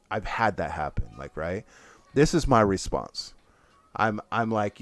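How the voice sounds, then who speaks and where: A man's voice: fairly low pitch, big pitch swings, a little slow, dry recording, soft background music. A man giving a conversational Christian teaching, speaking earnestly to his listeners as "guys" and often restarting his phrases.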